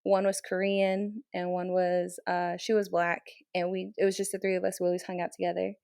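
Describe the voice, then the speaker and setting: A young woman, a military training instructor from the Navajo Nation, telling a story in an interview with emotional, animated retelling. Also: on the low side, a little fast, gravelly, smooth, no room sound, studio quality. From Navajo Nation, Southwest US.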